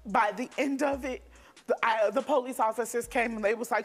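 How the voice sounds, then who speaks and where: A young woman giving testimony as a talk show guest. Her voice sits somewhat high. She retells the events in an earnest, detailed and emphatic way. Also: fairly quick. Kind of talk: personal testimony.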